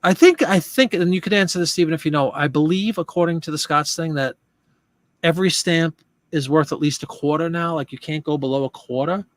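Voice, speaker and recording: A man's voice: on the high side, fairly even intonation, brisk, no room sound. A man hosting a live chat show, talking casually and rambling with restarts and asides.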